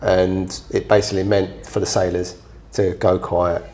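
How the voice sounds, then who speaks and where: A man's voice: sits low, flat delivery, normal speed, a little mellow. A man co-hosting a podcast in casual chat, teasing with dry jokes and swearing freely. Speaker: podcast co-host.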